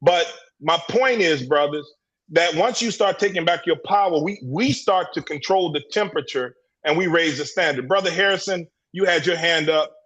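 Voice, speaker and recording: On the high side and fairly bright, a man's voice moves at a moderate pace through poor audio on a livestream video call. He speaks as a panelist in an impassioned men's discussion group, preachy and emphatic, repeating words and restarting his sentences.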